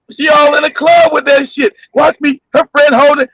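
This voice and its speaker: A man with a very high, gravelly voice hosts a casual comedic talk show, laughing and telling stories loudly. The recording is dry and lo-fi. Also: moderate pace, dry recording. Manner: loud, laughing, animated storytelling. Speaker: podcast host. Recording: dull dry lo-fi audio.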